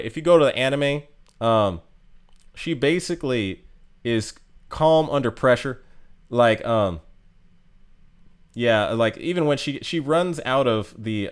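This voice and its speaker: A man casually talking through a game character ranking, rambling with many fillers and restarts. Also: fairly low pitch. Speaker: game guide youtuber.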